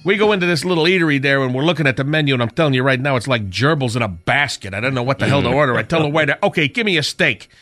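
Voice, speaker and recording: A man's voice: mid-range voice, sharp tone, soft background music, lightly acted. A man playing a corny older male stand-up comic on a radio comedy bit, who rattles off jokes and laughs at his own punchlines. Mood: brash joking. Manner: rapid joke-telling, laughs at own punchlines.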